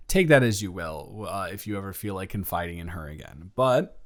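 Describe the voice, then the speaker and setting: A man's voice: deep voice, animated, fairly quick. A young man improvising a romantic audio roleplay, telling a story in a playful, teasing, rambling way.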